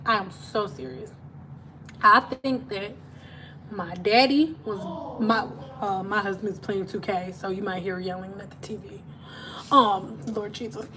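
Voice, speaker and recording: A woman's voice: mid-range voice, a little slow, bright, forceful tone, slight background noise. A woman hairstylist telling stories in a chatty, slangy way on a casual live stream from home. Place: at home, TV in another room.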